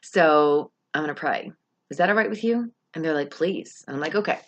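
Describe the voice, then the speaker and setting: A young adult woman telling a lively, casual story about her faith, acting out her own words and other people's as she goes. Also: deep voice, moderate pace. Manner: animated, rising excitement, quoting herself and others. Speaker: vlogger sharing a faith testimony.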